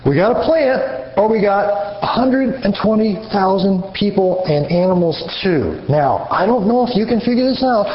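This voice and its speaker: A man voicing God as a sarcastic, mock-patient deity who talks down to someone slowly. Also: medium pitch, fairly even intonation, reverberant, long reverb tail, lightly acted. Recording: muffled lo-fi recording.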